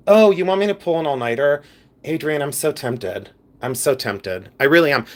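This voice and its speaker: A man's voice: medium pitch, a bit bright. A man with a Pennsylvania Dutch accent hosting a casual livestream, chatting and reading viewer comments aloud with rambling asides. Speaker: livestream host.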